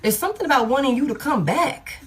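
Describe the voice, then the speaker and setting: A blunt, profane woman does a collective love tarot reading, casually thinking aloud. She talks fast in a high voice with lively intonation.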